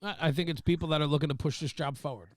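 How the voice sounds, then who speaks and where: A man's voice: fairly high pitch, very fast, no echo, clean studio sound. A man hosting a podcast, chatting casually and rambling with lots of fillers. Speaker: podcast host.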